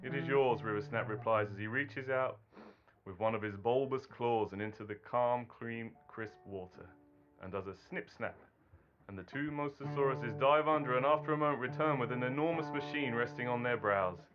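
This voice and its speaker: A man narrating a storybook tale in an animated, theatrical manner. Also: mid-range voice, normal speed. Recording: dull recording under loud guitar music.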